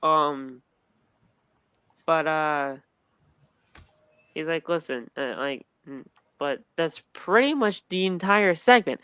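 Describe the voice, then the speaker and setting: A man's voice: on the high side, takes it slowly, pauses often, sharp tone, clean tone, no room sound. A man casually recapping a wrestling show on a podcast, stammering and acting out quotes as he goes.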